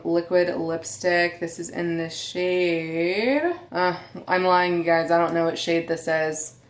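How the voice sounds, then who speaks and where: A woman in her thirties talks casually and candidly to her viewers, as a beauty vlogger would. Her voice sits a bit low. The room around her is echoey. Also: gravelly. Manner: chatty, candid, addresses viewers as you guys. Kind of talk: casual chat.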